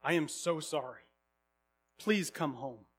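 A man voicing a loving, heartbroken father who pleads gently. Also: on the high side, slow pace, a little hiss or hum. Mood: pleading.

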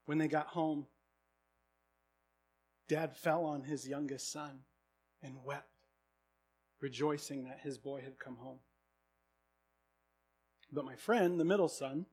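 High-voiced man telling a sermon story. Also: slow pace, long pauses. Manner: dramatic, expressive retelling. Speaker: preacher.

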